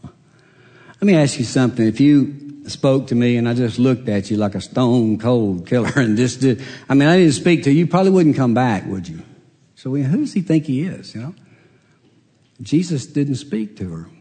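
A man's voice: medium pitch, lively intonation, moderate pace, mellow. A man preaching a sermon as a pastor, telling a story and acting out the voices of the people in it. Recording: long reverb of a large hall.

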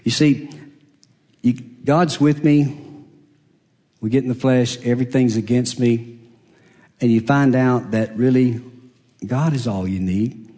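Man, sermon delivery, emphatic peaks, hushed drops, earnest confessional tone, mid-pitched voice. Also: slow, long pauses. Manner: emphatic, rising high then dropping to near-hush. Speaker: preacher.

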